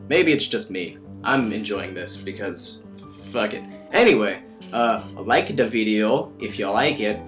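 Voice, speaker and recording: A man's voice: lowish voice, a bit bright. A young man giving a rambling, sarcastic, crude recap of a game as the host of his own video. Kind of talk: casual game recap commentary.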